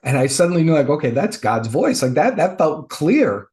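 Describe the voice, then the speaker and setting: A man sharing a personal spiritual testimony as a spiritual teacher, emotional and swinging between loud bursts and hushed lows. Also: big pitch swings, normal speed.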